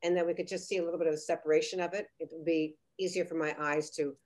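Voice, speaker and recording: Woman guest judge, effusive, rambling, lower register. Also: fairly even intonation, fast talker, a little mellow. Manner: gushing, rambling, restarts often. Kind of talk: casual judging on a video call. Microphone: video call.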